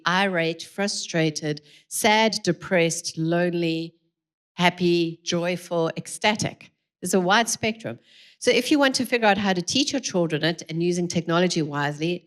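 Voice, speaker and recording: Lively woman, lowish voice. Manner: lively, acts out quoted dialogue, laughs often. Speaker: parenting speaker. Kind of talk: live talk to an audience. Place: church hall.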